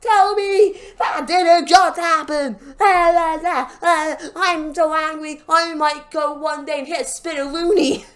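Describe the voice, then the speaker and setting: A woman voicing a brash, gloating male wrestler who yells and mocks. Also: fairly high pitch, little pitch movement, normal speed, few pauses, lightly acted. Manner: yelling, mocking.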